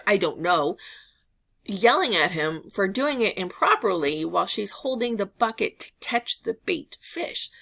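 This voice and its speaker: A woman's voice: on the low side, gravelly, sharp tone. A woman in her thirties chatting casually to camera, rambling through a story with lots of filler words. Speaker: reseller vlogger.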